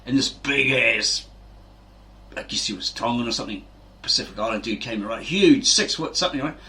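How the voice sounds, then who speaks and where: Expressive and fairly quick, his mid-range voice has a bright, forceful tone. As a fitness channel host giving a casual explanation, he rambles on, repeatedly asks "right?", and acts out quotes.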